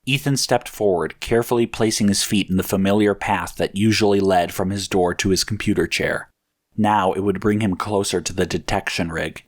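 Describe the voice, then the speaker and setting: A man reading a story aloud as narrator, in measured, even storytelling. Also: deep voice. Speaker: audiobook narrator.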